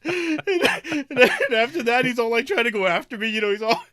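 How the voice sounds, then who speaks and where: High bright-voiced man telling stories. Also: expressive, normal speed, no room sound. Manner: rambling, profane, laughs a lot. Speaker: podcast co-host. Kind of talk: casual chat, storytelling.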